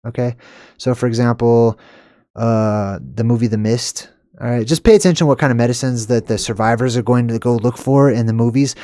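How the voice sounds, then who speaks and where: A man hosting an excited commentary on clips, emphatic and animated, with sharp upward jumps on stressed words and lots of "okay" and "all right". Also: medium pitch, no room sound, studio quality. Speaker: video host.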